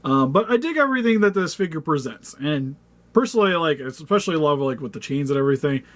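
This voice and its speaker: A man's voice: on the high side, expressive, quick pace, dry recording. A man hosting a casual action figure review, chatty and laughing easily between loose fillers. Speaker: toy review host.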